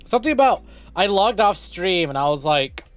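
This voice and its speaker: A man's voice: high voice, very animated, moderate pace. A young man streaming live, greeting his chat over and over and rambling jokily with lots of swearing. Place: home streaming setup.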